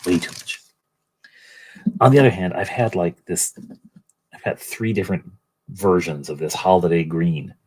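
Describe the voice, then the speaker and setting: A man's voice: low voice, normal speed, pauses often, darkish tone, breathy edge. A middle-aged man hosting a livestream, painting miniatures and chatting in a rambling way while greeting viewers by name. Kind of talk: casual livestream chat.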